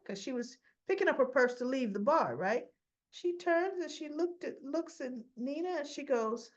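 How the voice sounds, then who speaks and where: A woman's voice: high voice, expressive, normal speed, muffled recording. A woman giving a casual spoken recap of a soap opera episode, retelling scenes and quoting the characters in lightly acted voices.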